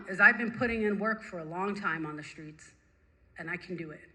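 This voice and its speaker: Woman, recovery-meeting speaker; vivid, repetitive, emphatic storytelling; very bright, cutting tone; mid pitch. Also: a little fast, low-quality recording. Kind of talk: personal recovery story told to a group.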